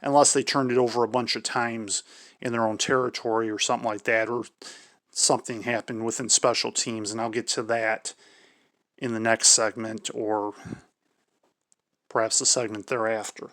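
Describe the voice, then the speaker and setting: Man calmly previewing football injuries. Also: mid-range voice, no echo, clean studio sound. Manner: measured, repeats "I believe" and "for sure". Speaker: sports channel host.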